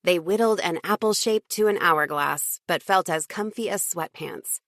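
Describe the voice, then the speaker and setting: A woman reading a first-person audiobook in an even, lightly wry storytelling voice. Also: lowish voice, moderate pace, dry recording, clean studio sound. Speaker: audiobook narrator.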